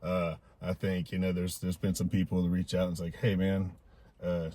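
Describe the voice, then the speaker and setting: A man as a podcast guest in casual chat, speaking haltingly with many fillers and trailing off softly. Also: sits low, monotone.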